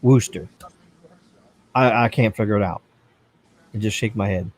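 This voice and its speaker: A man's voice: lowish voice, a little fast, no echo. A man hosting a casual livestream, chatting loosely and reading viewer comments aloud. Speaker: livestream host.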